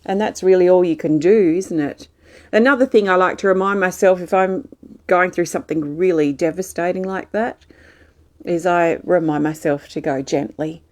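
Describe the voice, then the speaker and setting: A woman hosting a live healing stream, reading out viewers' comments and answering them in a gentle, soothing, reassuring way. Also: fairly low pitch, normal speed. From Australia.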